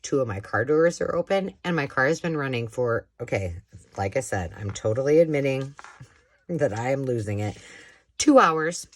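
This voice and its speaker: Chatty, lively-voiced woman crafter vlogging. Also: a bass voice, moderate pace. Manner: rambling, animated storyteller who laughs often and acts out quoted voices. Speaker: craft channel host. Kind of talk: chatty crafting vlog, storytelling while working.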